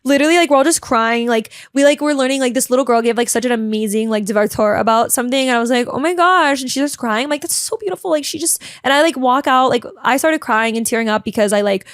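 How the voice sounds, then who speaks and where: A chatty, dramatic young woman telling a casual vlog story, full of "like" and quick asides. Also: on the high side, smooth, dry recording, studio quality. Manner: chatty and bubbly, heavy use of "like", dramatic; talks a lot, emotional. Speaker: vlogger.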